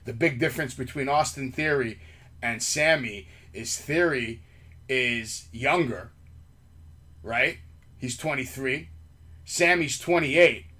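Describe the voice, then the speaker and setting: A man's voice: medium pitch, slow pace, long pauses, bright, forceful tone. A man hosting a wrestling podcast, ranting in heated, profane casual chat. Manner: brash, heated, swears constantly. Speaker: podcast host.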